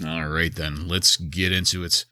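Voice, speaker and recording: A man's voice: low-pitched, little pitch movement, unhurried, sharp tone, no room sound, studio quality. A man hosting a wrestling podcast, recapping an old episode in a wry, sarcastic casual style. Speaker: podcast host.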